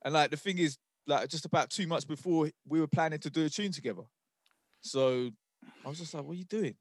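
A man, a rapper, telling a story on a podcast in a halting, measured way. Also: on the high side, dry recording, studio quality. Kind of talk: casual chat.

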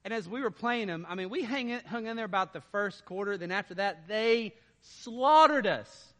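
A man preaching a sermon as a pastor, conversational and animated, laughing now and then. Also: high-pitched, fast. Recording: long hall reverb.

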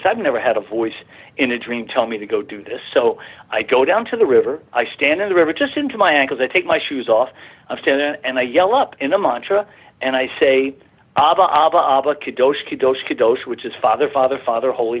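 A man calls in to a radio talk show and tells his story in a rambling, halting way, restarting sentences and growing excited. His voice is husky and comes through a thin, tinny phone line. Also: mid-range voice. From Arizona, USA. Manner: rambling, repeats words and restarts, grows excited. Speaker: radio guest.

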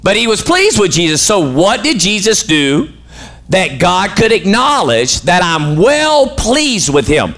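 A man's voice: high voice, very animated, a little slow, a bit bright. A man preaching a sermon as pastor, putting questions to his congregation and waiting for them to answer.

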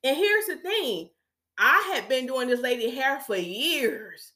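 Woman, podcast host, hair stylist, storytelling, animated, higher voice. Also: slow. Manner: animated, plays out quoted voices of clients.

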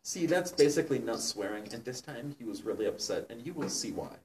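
A man's voice: medium pitch, lively intonation, fairly quick, darkish tone. Young man reading aloud, roomy and distant. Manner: mock-serious, breaking into laughter and asides. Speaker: reader of a fan story. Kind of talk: comedic dramatic reading. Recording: roomy, distant mic with faint noise.

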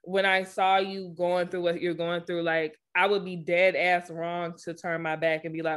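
A woman co-hosting a podcast in casual chat, affectionate and warm in her words, calling people honey and baby. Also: lowish voice, level tone, moderate pace, few pauses, clear, resonant tone. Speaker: podcast co-host.

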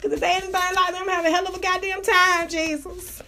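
A woman hosting her own radio show, telling wild stories in a loud, profane, animated way. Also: very high-pitched, quick pace, a little hiss or hum. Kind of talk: casual storytelling monologue.

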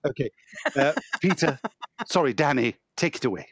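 A man's voice: medium pitch, animated, normal speed, husky, no echo, studio quality. A man in an improv comedy show, playing a fussy, effusive film director who stumbles over his words.

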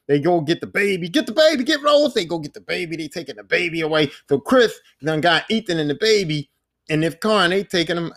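A man's voice: a little high, fairly bright tone. A man hosting a podcast, retelling a video game's story in a rambling, slangy way with plenty of swearing. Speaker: podcast host. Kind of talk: casual game recap.

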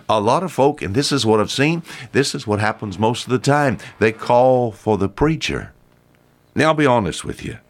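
Older man, radio preacher, animated folksy sermon voice. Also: moderate pace. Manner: folksy, pleading, rises high on emphasis.

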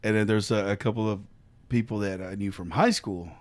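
A man's voice: lowish voice, fairly even intonation, a little fast, no room sound. A man co-hosting a podcast, telling a story in casual chat with lots of swearing and laughter. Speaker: podcast co-host.

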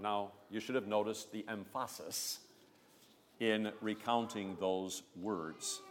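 Male pastor preaching a sermon, gets loud on the big lines then drops, long church echo. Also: fairly low pitch, fairly even intonation, slow pace. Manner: emphatic, swells loud on key phrases. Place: church sanctuary.

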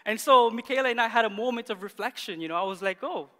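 A man in his thirties preaching a sermon as pastor, animated and often laughing as he tells a story. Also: high voice, fast. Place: church hall. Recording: long church hall reverb.

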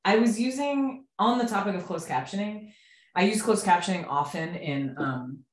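A woman co-hosting a casual chat, talking freely and trailing off into quiet asides. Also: mid-range voice, animated, normal speed, recorded from a distance. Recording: roomy echo.

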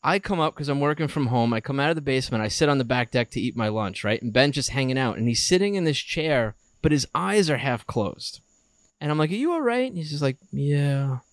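A man's voice: medium pitch, fairly quick, no echo. A man in his thirties, co-hosting a podcast, telling a story in casual chat and acting out a child's lines. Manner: animated storyteller, acts out a child's voice in quotes. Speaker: podcast co-host.

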